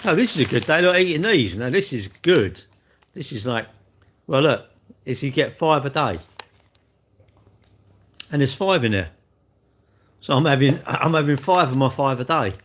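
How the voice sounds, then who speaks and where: A man chats in a loose, cheeky ramble on a home livestream. He talks with his mouth full and answers viewers as he goes. His pitch sits in an ordinary middle range. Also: expressive, moderate pace, pauses often, a bit bright. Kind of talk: casual livestream chat while eating.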